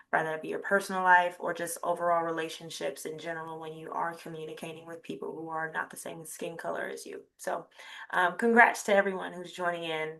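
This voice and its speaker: Female panel guest, lowish pitch, bright edge, earnest and encouraging. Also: gravelly. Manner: earnest, encouraging, many fillers. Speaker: guest speech-language pathologist. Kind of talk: conversational panel discussion.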